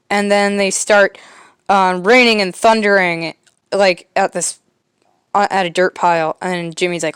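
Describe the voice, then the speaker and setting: A woman's voice: medium pitch, level tone, unhurried, smooth, no echo, clean studio sound. A woman podcast host casually retelling a homemade comic, rambling with lots of fillers. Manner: rambling, filler-heavy, quietly amused.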